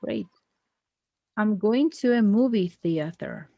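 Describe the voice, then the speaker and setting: Slow, patient woman teaching English. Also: mid-range voice, animated, no room sound, lo-fi sound. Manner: patient, slow, corrects gently. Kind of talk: one-on-one online English lesson.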